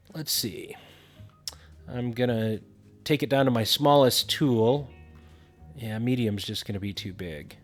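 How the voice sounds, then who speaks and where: A man casually narrating a building game tutorial, thinking aloud with frequent fillers. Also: mid-range voice.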